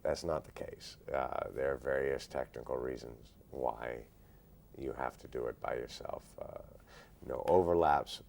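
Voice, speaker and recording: A male actor answering interview questions in a measured, thoughtful way, pausing often. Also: extremely low pitch, gravelly, a little mellow. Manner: measured, thoughtful, frequent "uh" pauses.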